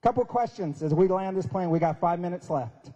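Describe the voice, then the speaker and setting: A man's voice: high-pitched, animated, brisk, warm tone. Emphatic male speaker in a reverberant hall. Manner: emphatic, preachy with folksy humor. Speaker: guest speaker. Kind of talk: sermon-style speech at a prayer breakfast. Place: large event hall at a university.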